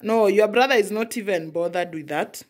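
A woman's voice: medium pitch, moderate pace, a little mellow, slight background noise. Young african mom fussing at her kid about the messy house, keeps repeating herself. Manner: exasperated, repetitive scolding. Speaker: mother. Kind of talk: casual scolding vlog.

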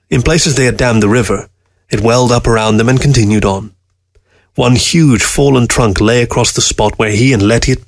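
Male story reader, measured, mid-pitched, dry close mic. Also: no room sound. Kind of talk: scripted storybook narration.

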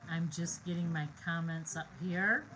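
A woman's voice: lowish voice, steady tone, unhurried, fairly bright tone, slight background noise, poor audio. A middle-aged woman hosting a card-making live stream from her home craft room, chatting with viewers in a bubbly, rambling way with many fillers.

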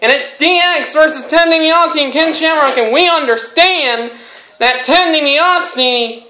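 A woman calling a wrestling match as play-by-play commentary, excitable and exclaiming, with frequent repeated names. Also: high voice, a little slow. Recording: noisy with clicking sounds.

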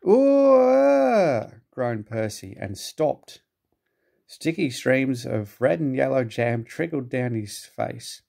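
Man reading a kids story out loud, slow and easy, bit of a gravelly voice. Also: medium pitch. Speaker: narrator. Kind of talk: storybook read-aloud.

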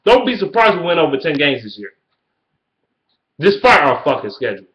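A man delivering a heated, profane sports rant, repeating himself and swinging between yelling and low mutters. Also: sing-song, fast talker. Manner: heated, swearing, rising to yelling. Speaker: sports fan vlogger.

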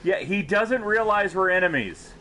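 Goofy, lively man playing a game. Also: sits high, moderate pace, a little hiss or hum. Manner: goofy, laughing, jokey silly voices. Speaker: gaming video host. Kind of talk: casual game commentary.

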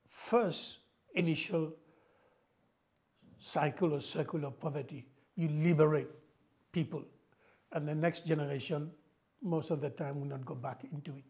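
An older man from Mauritius speaks as an interview guest. He talks in a fairly high voice for a man, emphatic and explanatory, and keeps tossing in "you know". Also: a little mellow. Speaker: guest, former finance minister.

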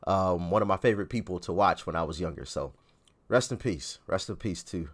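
A man hosting a reaction video, chatting casually and relaxed with some hesitations. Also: low voice, a little fast. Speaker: reaction channel host.

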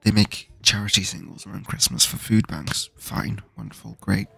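A man's voice: lowish voice, fairly even intonation, moderate pace, creaky, sharp tone, husky. A young man from the UK ranting casually and swearing while playing a game, with frequent restarts. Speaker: gaming streamer. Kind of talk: casual rant while gaming.

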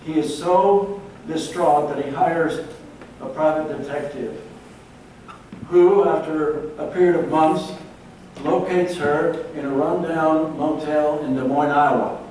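A man, preaching a sermon as pastor and telling a story in a measured, earnest way. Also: on the high side, steady tone, darkish tone, slight background noise. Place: large church hall. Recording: echoey church recorded from far off.

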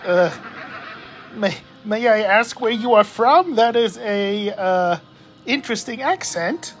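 A woman's voice: medium pitch, animated, takes it slowly, soft background music. A woman hosting a gaming channel, giving casual, jokey gameplay commentary with lots of exclamations.

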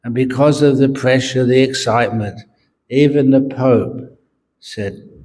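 A man's voice: medium pitch, measured pace, a little mellow. A man, a Buddhist monk, giving a morning dharma talk at a meditation centre and telling jokes with frequent laughter. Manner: humorous storyteller who laughs at his own jokes.

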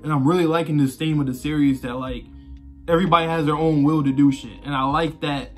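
A man with a slightly raised voice chats loosely through a manga read-through, circling his points with plenty of fillers and casual swearing. Soft guitar music sits quietly underneath. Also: on the high side, fairly even intonation, quick pace. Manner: rambling, conversational, swears freely, many fillers. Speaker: manga reaction channel host.

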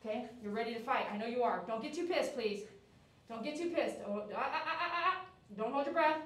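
In a grooming salon, a woman on a live stream grooms a dog, cooing soothing praise and mixing in firm commands. Her voice is on the high side and a bit bright, and she speaks briskly. The mic is set back, so she sounds distant in an echoey room.

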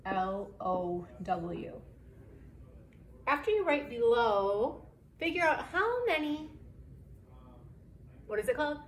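A woman teaching a phonics lesson to second graders, speaking slowly and clearly with lots of encouragement and spelling words out letter by letter. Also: a little high. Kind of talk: remote phonics lesson for children. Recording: echoey room, faint background hiss.

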